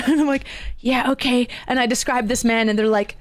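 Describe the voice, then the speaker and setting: High-voiced excitable woman telling a story. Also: a little fast, no room sound. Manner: excitable, acts out every voice in the story, laughs often. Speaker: streamer. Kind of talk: animated storytelling.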